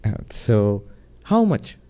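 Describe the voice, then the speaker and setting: A man, a monk, giving a spiritual talk in a gentle, reflective storytelling manner, often chuckling. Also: lowish voice, big pitch swings, takes it slowly.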